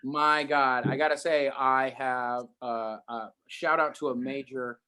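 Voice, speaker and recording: A man's voice: medium pitch, steady tone, unhurried, sharp tone, smooth. A man hosting a livestreamed improv show, upbeat and explaining the games with many ums. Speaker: host.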